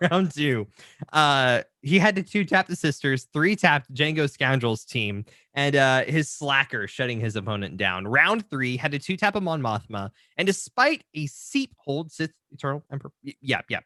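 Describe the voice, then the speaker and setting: Animated, bright-voiced joking co-host man. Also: mid-range voice, moderate pace, dry recording, clean studio sound. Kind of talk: casual game-stats show chat.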